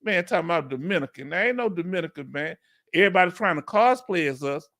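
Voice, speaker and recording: A man from Houston, Texas, with a Southern accent hosts a casual livestream Q&A for veterans, reading viewer comments aloud. His talk is slangy and animated, and his voice is high-pitched and fast.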